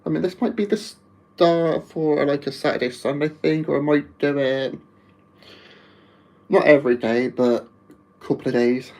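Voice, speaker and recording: Gravelly man with a Wolverhampton accent. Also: on the high side, fairly even intonation, unhurried, pauses often, a little mellow, low-quality recording. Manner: rambling, chatty, laughs often. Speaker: live streamer. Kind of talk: casual live-stream chat.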